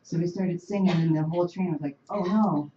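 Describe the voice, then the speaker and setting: A woman from the Oneida Nation, telling an animated, emphatic story to an audience in a university room. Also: on the low side, quick pace. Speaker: panel speaker. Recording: roomy, dull room recording.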